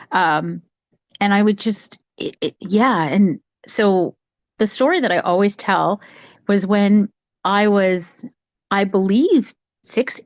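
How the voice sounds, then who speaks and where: A woman talking casually from home on a video call, telling a childhood story in a rambling, animated way with many restarts. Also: medium pitch, no echo. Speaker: psychic medium sharing her story. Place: home, cat nearby.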